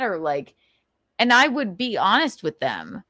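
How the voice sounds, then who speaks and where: A woman's voice: a little high, very animated, a little slow, a bit bright, no room sound, studio quality. A woman hosting a casual livestream, rambling and gossiping, swearing freely as she vents. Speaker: livestream host.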